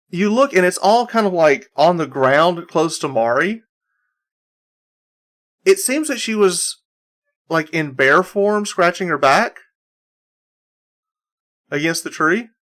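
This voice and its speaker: A man's voice: high voice, expressive, takes it slowly, pauses often, a bit bright. A man narrating as game master of a tabletop game, rambling with many restarts and fillers.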